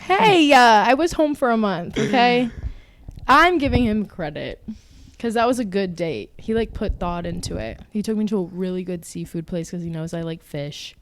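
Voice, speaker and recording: Animated young woman telling a story. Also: mid-range voice, normal speed, a little hiss or hum. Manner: animated, acts out voices while telling stories. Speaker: podcast co-host. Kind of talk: casual storytelling chat.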